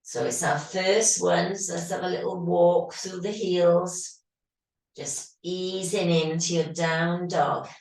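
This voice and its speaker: A woman leading a guided yoga class with calm, steady breathing cues, her voice slightly hoarse as she is losing it. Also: lowish voice, slow pace, distant mic. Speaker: yoga teacher. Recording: very echoey room, voice off-mic.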